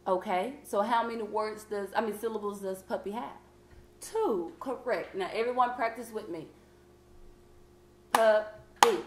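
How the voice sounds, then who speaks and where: A woman teaching a classroom vocabulary lesson, patient and encouraging as she reads each clue slowly. Her voice sits at an ordinary pitch and carries a roomy echo from the classroom. A faint hum runs underneath.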